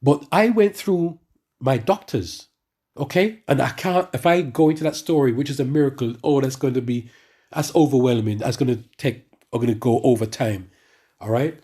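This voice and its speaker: A man giving a spoken religious testimony to his congregation, telling his story in an animated way with many asides and restarts. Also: medium pitch, normal speed, slightly rough. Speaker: church member giving testimony.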